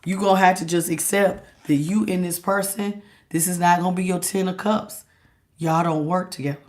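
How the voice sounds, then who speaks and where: A woman reads tarot cards straight to her viewers, animated and emphatic, with loose slangy phrasing. Her voice sits a little on the low side. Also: moderate pace. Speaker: tarot reader. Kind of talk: direct-to-camera tarot reading.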